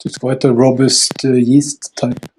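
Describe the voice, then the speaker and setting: A man's voice: medium pitch, little pitch movement, a little slow, a little mellow, slight background noise, rough recording. A man who is the host, asking hesitant questions in a casual webinar. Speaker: interviewer.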